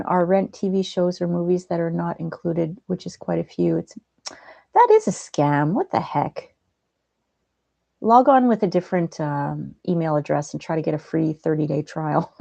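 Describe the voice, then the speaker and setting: A woman hosts a relaxed livestream from home, reading viewers' comments aloud in a gentle, chatty way and laughing easily. Her voice sits fairly low and sounds warm and mellow. The sound is dry and close, with no room echo. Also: creaky. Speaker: livestream host.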